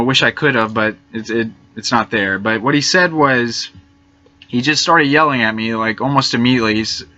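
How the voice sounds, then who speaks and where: A man narrating over screenshots of messages, hesitant and halting, with many fillers and restarts, nervous and frightened. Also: mid-range voice, pushed and bright, lo-fi sound. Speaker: YouTube channel host.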